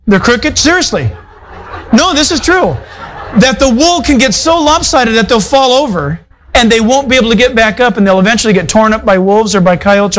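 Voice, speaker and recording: A man's voice: sits high, fairly bright tone, poor audio. A male pastor preaching a sermon in a conversational, folksy way, full of asides to his congregation. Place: church fellowship hall.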